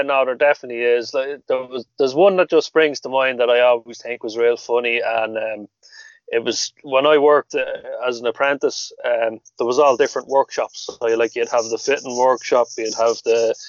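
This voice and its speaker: A man's voice: mid-range voice, fairly even intonation, normal speed, no room sound. Male co-host, rambling storyteller, laughs a lot, dry lo-fi recording. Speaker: podcast co-host. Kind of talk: casual chat. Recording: dull lo-fi sound, dry.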